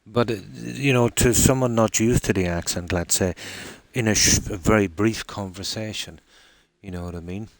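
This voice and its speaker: An Irish man streaming a game live, chatting casually in a rambling way with many pauses and restarts. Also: fairly low pitch, no echo. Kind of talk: casual live-stream chat while gaming.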